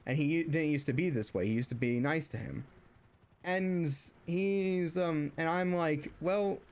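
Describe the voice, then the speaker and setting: A man's voice: on the high side, unhurried. A young man venting in a casual story, rambling with many false starts and fillers. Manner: exasperated, venting. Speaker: streamer.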